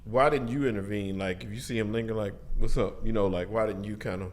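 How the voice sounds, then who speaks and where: A man's voice: on the low side, fairly even intonation, quick pace, a little hiss or hum. A man in a casual podcast chat, asking probing questions in a playful way.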